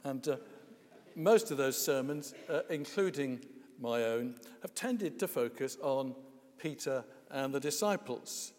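A man preaches a sermon in a relaxed, conversational way, dropping in wry asides and small hesitations. His voice sits at an ordinary pitch. A long reverb trails each phrase, as in a large church hall. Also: a little slow.

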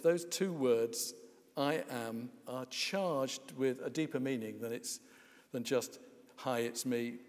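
A man's voice: mid-range voice, a little mellow, long reverb tail. A man preaching a sermon in a wry, conversational way, with frequent hesitations and asides.

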